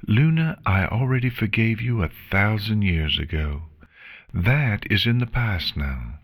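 Gentle, reassuring regal pony princess, a man doing the voice with a lively, raised pitch. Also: a little slow. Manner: warm, soothing, reassuring speech. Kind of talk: fan fiction reading.

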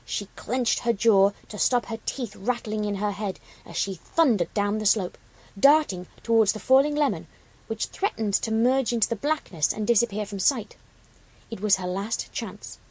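Husky woman reading a story aloud. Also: on the high side, poor audio. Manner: expressive, dramatic reading. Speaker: story reader, show host. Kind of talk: storybook narration.

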